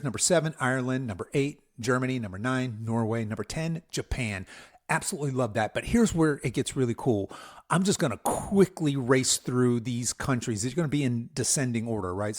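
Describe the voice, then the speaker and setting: An energetic man in his sixties hosts a fitness podcast on his own. He talks in an upbeat, enthusiastic way, cheering on his listeners. His voice sits in a middle pitch. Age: 60s. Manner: upbeat, enthusiastic, hype-man shout-outs. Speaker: podcast host and fitness coach.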